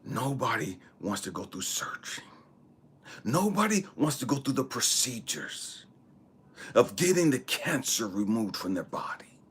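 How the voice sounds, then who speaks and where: A man hosting a spiritual channel, telling a personal story in an animated, emphatic way, swearing freely and sometimes dropping to a whisper. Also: mid-range voice, a little slow, breathy edge. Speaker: spiritual channel host and intuitive reader. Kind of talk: casual storytelling monologue.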